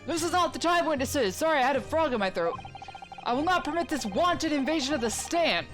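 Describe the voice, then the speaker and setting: A woman's voice: high voice, animated, voice pushed up. Woman doing a prim, stern old judge. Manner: measured, formal, slow. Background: game music.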